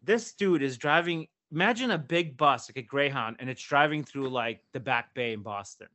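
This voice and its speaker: A man in his fifties telling a long story in casual podcast chat, animated and profane, acting out the people in it. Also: medium pitch, normal speed. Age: 50s. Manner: animated, profane, acts out voices in his stories. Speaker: podcast co-host.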